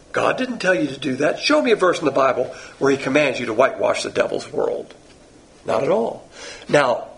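A man preaching a sermon as a Bible teacher. He talks bluntly and with emphasis, firing off rhetorical questions. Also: a little high. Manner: pointed, confrontational preaching.

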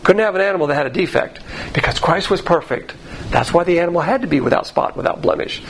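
A man's voice: a little high, lively intonation, fast, vocal fry, slight background noise, poor audio. A man preaching a sermon as pastor, talking in a conversational, emphatic way and asking many rhetorical questions.

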